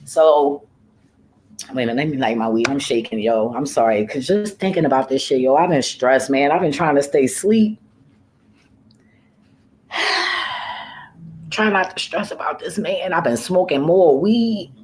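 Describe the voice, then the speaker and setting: A woman's voice: deep voice, animated, normal speed, darkish tone, poor audio. A woman who works as a home care worker, talking casually in a vlog. She tells her story in a profane, rambling way, often trailing off and starting over.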